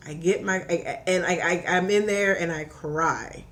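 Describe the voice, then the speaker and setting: A woman from Virginia chatting on a podcast as a guest, telling a story in a lively way and acting out the voices she quotes. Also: fairly low pitch, normal speed, a little hiss or hum. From Hampton Roads, Virginia. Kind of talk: casual chat.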